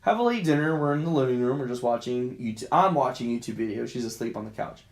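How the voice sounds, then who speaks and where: A young man co-hosting a podcast, telling a story in an animated, profane way and acting out the scenes. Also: medium pitch, fast talker. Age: young adult. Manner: profane, acts out scenes with quoted voices and filler sounds. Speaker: podcast co-host. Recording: roomy echo.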